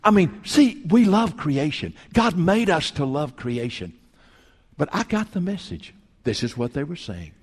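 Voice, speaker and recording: A man preaching a sermon as pastor, telling folksy stories and swinging between loud and hushed. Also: on the high side, very animated, a little slow, breathy edge, long reverb tail. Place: church sanctuary.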